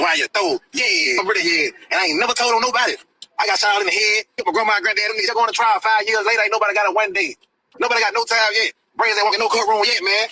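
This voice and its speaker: A man ranting live on his stream in profane street slang, pushing his voice high for emphasis. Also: bright, forceful tone, a little hiss or hum, low-quality recording. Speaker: live streamer reacting to a rap video.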